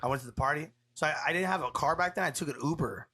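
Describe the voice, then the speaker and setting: A man, a barber and podcast guest, telling a story in an animated, slangy, casual way. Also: on the high side, very fast, husky. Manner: animated, acts out voices, slangy.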